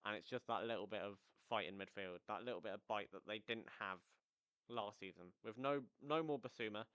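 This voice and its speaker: A man's voice: fairly low pitch, a little fast, fairly bright tone, dry recording, highs cut off. A man hosting a casual football recap, talking energetically and rambling into tangents. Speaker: football podcast host.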